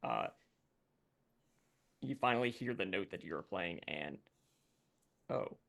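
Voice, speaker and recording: A man narrating as game master in a rambling, halting way with many fillers. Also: low-pitched, animated, gravelly, fairly bright tone.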